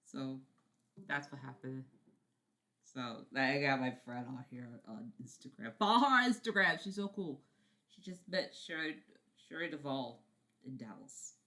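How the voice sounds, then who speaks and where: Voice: mid-range voice, a little slow, bright, forceful tone. A vlogger ranting casually about favorite films, rambling, repeating words, swearing and often apologizing. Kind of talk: casual film-review vlog.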